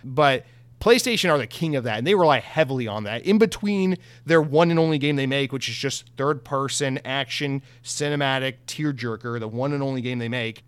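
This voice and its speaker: A man's voice: medium pitch, fairly quick, clean tone, no echo. A young man giving casual, heated gaming news commentary, swearing freely and mocking companies in sarcastic voices.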